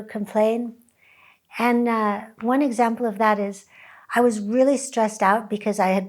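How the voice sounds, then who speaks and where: A woman who teaches chanting, talking reflectively and softly, now and then breaking into chant. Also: a little high. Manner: soft-spoken, breaks into sung chant.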